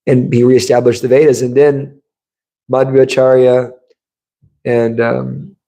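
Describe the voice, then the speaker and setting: A man speaks to a temple congregation in a relaxed, storytelling manner. His voice is gravelly and dark, with a mellow tone. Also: medium pitch, slow pace, low-quality recording. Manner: conversational storytelling, acts out quotes. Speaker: temple speaker giving a scripture class. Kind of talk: sermon. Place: temple room.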